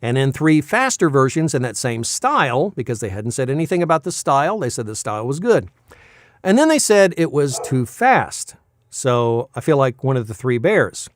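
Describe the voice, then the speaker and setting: A man's voice: mid-range voice, sing-song, moderate pace, dry recording. A male voice actor chatting casually in a vlog, rambling and self-deprecating as he tells stories from his work.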